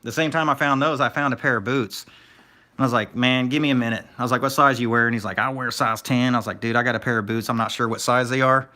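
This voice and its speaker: A man's voice: medium pitch, fairly even intonation, quick pace, sharp tone. A man casually chatting on a live stream, telling laid-back stories and thanking viewers in chat. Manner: laid-back storyteller, reads chat aloud. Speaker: scrapper streamer.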